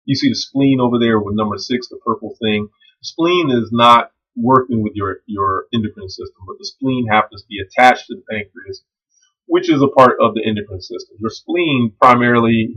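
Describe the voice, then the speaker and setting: A male biology instructor teaching in a relaxed, jokey way, with slang and frequent ums. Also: fairly low pitch, slightly rough. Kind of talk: casual recorded lecture. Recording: dull lo-fi recording.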